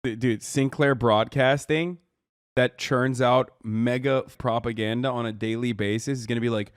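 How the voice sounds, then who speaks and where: A man's voice: mid-range voice, steady tone, a little slow, dry recording, studio quality. A man in his thirties who streams and reacts to a video, talking casually, bluntly and mockingly with a lot of slang. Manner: blunt, slangy, mocking, bursts into loud laughter.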